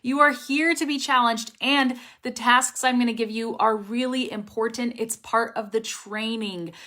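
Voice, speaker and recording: A woman's voice: a little high, fairly even intonation, measured pace, bright, forceful tone. A young woman running a live online English pronunciation lesson, chatty and upbeat, talking straight to her viewers.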